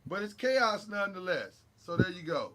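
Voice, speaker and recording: A man hosting a casual sports talk show, recapping games in an animated, joking way with sound effects. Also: high-pitched, normal speed.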